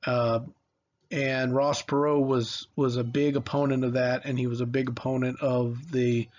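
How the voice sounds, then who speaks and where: A man's voice: medium pitch, level tone, unhurried, darkish tone, dull audio. A man in his forties from Mississippi, giving a casual history lecture in a conversational, rambling way, with many fillers and restarts. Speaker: history teacher.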